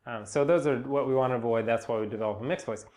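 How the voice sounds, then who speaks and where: A young man giving a casual spoken singing lesson, relaxed and rambling, with many fillers and restarts. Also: mid-range voice, quick pace. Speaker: singing teacher. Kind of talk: casual spoken vocal lesson with sung demonstrations.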